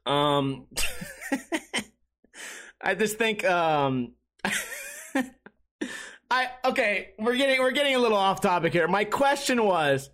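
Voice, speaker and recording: A man's voice: high voice, animated, slow, long pauses, a bit bright. A man hosting a comedy podcast, telling crude, profane stories in a rambling, restart-filled way. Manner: crude, profane storytelling with laughter. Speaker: podcast host and streamer. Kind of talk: comedic casual chat.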